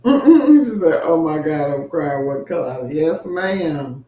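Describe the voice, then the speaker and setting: A woman's voice: low voice, measured pace, warm tone, roomy sound. A woman co-hosting a casual livestream, greeting viewers by name and reading out their comments.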